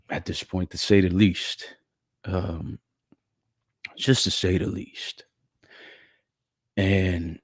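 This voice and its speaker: A man's voice: sits low, a little mellow, dry recording, studio quality. A man hosting a casual live commentary show with a stuffy nose and a catching throat, calling out chat viewers by name in slangy talk. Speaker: livestream show host.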